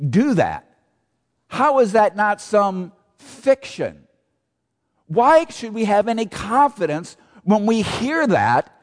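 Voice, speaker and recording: Taking it slowly in a high, sing-song voice, a pastor delivers an emphatic sermon full of rhetorical questions and repeated key phrases. He is in a church sanctuary, and the sound carries long reverb.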